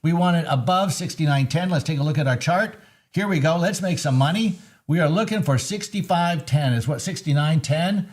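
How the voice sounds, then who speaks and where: A man's voice: a little high, a little fast. A man hosting a live market recap from his trading desk, chatting casually and joking over the charts. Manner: excitable and joking, bursts of laughter.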